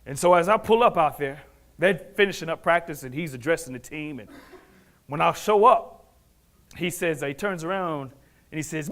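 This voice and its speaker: A man speaking at a men's fellowship, telling a personal testimony story in an animated way and acting out the people in it. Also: on the high side, brisk.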